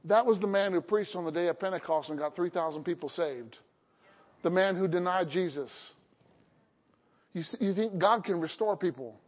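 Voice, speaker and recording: A man with a very high voice preaches a sermon, animated and theatrical, acting out scenes as he goes. His voice rings with a long church reverb. The audio sounds a little dull and lo-fi. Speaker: pastor. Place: church sanctuary.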